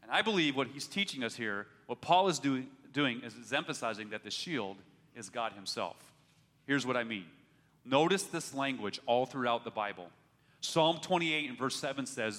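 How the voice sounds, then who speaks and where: A pastor preaches with earnest conviction, his medium-pitched voice expressive, bright and pushed at a moderate pace. He presses harder whenever he urges his listeners and keeps restarting his words, all carried by a long hall reverb.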